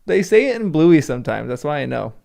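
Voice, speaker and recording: A man's voice: a little high, sing-song, brisk, gravelly, a little mellow. A man hosting a livestream, chatting casually and answering viewers' comments, laughing often. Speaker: livestream host.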